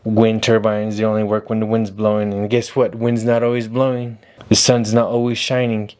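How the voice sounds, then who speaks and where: A man's voice: lowish voice, monotone, normal speed, a little mellow, smooth. A man hosting a casual commentary vlog, talking bluntly and rambling, repeating himself. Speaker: video host.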